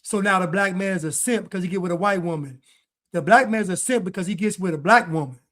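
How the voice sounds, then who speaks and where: Blunt, high-voiced male commentator. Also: fast, fairly bright tone. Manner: blunt, repetitive, preachy. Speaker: online commentator. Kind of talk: reaction commentary.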